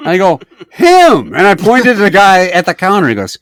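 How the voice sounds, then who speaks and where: Male podcast co-host, lively storyteller, fairly high voice, swears a lot, dry close sound. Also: normal speed, no room sound. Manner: animated storyteller, acts out both sides of exchanges, swears freely. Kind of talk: casual chat.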